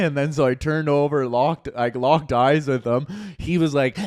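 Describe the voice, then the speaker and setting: A man's voice: a little high, normal speed, hardly any pauses, smooth, no echo, studio quality. Laughing young man telling a story. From Canada. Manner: rambling, laughing, acts out voices in stories. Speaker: podcast co-host. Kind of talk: casual storytelling chat.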